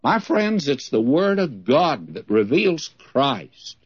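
Older male Bible teacher, folksy sermon style, animated delivery, lo-fi sound. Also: mid-range voice, slow pace, husky. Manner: folksy, emphatic, addresses listeners as friends. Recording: dull lo-fi old recording.

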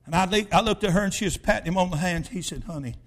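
A man with a high-pitched voice preaches by telling a story from his own life. He talks in a folksy, emphatic way and breaks into shouts when he praises. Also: steady tone, rapid-fire. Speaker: pastor. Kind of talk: storytelling sermon.

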